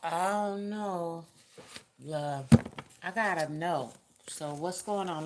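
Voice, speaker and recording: A woman's voice: on the low side, slow pace, very noisy. A woman giving a casual, chatty tarot reading straight to the viewer, with folksy, direct advice. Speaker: tarot reader.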